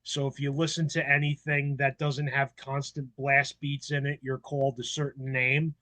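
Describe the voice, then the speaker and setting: A man in his forties on a panel, telling stories in a casual, animated way, acting out voices and swearing freely. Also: mid-range voice, moderate pace, no echo. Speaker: panel member. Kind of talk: casual storytelling chat.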